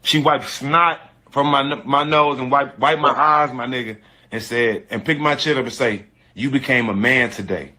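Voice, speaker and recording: A man's voice: mid-range voice, steady tone, normal speed, pushed and bright. A man telling a personal story in casual slang, emphatic and repetitive, often restarting his sentences. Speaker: storyteller guest.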